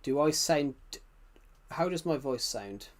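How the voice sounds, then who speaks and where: A man from the United Kingdom with a British accent chats casually on a live game stream, speaking slowly in a fairly high voice with lively intonation. He rambles, answers chat messages, and restarts his sentences often.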